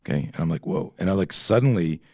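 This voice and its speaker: Very deep, gravelly man telling rambling stories. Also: expressive, fast, darkish tone, no room sound, clean studio sound. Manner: profane, rambling, full of tangents. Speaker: podcast guest, self-defense instructor. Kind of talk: casual storytelling chat.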